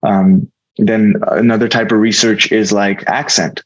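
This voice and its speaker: Speaking slowly and flatly in a low register, an American actor sits for a casual interview as a guest. He's earnest and reflective and keeps restarting sentences. The audio's high frequencies are cut off.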